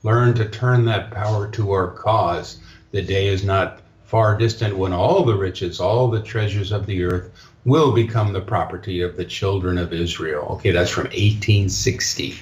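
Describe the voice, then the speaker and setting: Low-voiced male guest on an echoey line. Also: highs cut off. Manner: halting, many fillers and restarts. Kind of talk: casual interview talk.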